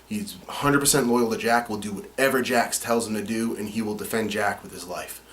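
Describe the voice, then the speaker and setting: A man who voices cartoon characters and co-creates the show, explaining his work in a relaxed way with some fillers. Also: lowish voice, a little fast, a little hiss or hum. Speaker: voice actor and co-creator. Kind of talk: behind-the-scenes narration.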